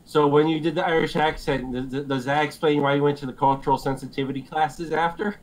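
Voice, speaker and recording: A man's voice: fairly high pitch, steady tone, fast, rough recording. A man co-hosting a casual podcast, throwing in teasing jokes and asides. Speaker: podcast co-host. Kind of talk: casual chat.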